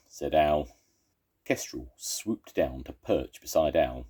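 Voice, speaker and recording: An older man, a grandfather, reading a children's story aloud with gentle, expressive storytelling. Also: extremely low pitch, unhurried, slightly rough.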